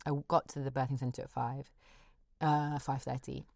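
A woman's voice: extremely low pitch, flat delivery, normal speed, vocal fry, no room sound, studio quality. A woman telling a personal story frankly and with animation in casual chat, swearing freely.

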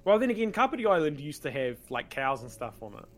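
A man hosting a podcast game show in relaxed, casual chat full of "um" fillers. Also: a little high, quick pace. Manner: relaxed, many "um" fillers, informal.

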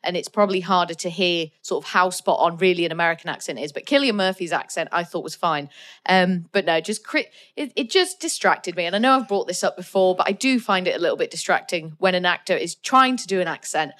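A woman's voice: on the low side, animated, a little fast, fairly bright tone. A woman co-hosting a film podcast, chatting casually with lots of "like" and "um". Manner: chatty, full of "like" and "um" fillers. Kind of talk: casual film review chat.

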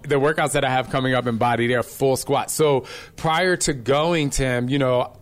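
This middle-aged man, a fitness instructor, speaks at a moderate pace in a mid-range voice. His casual chat is lively, full of stories where he acts out what people said.

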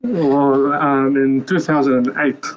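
A man in his thirties from Lebanon, calling in to a podcast and telling his story in a relaxed way with many pauses. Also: mid-range voice. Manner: relaxed storytelling, with soft laughs and hesitations. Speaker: caller. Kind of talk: casual phone-in chat. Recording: dull phone line.

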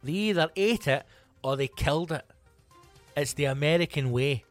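A man's voice: a little high, normal speed, dry recording, soft background music. A man hosting a comedy podcast, reading odd news stories aloud with sweary, sarcastic asides. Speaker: podcast host. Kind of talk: comic podcast monologue.

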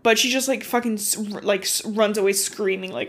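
Young woman co-host, casual, animated recap, lots of fillers. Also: medium pitch, brisk, few pauses. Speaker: podcast co-host. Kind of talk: casual book recap chat.

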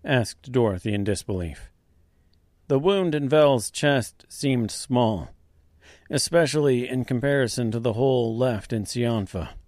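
A man narrating a dark fantasy audiobook serial, reading slowly and deliberately. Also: medium pitch, no echo. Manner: slow, deliberate reading with quiet voiced dialogue.

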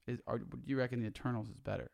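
A man's voice: medium pitch, fairly even intonation, rapid-fire, vocal fry, a little mellow. A man co-hosting a casual film chat, laid-back with sarcastic mock quotes. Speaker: podcast co-host.

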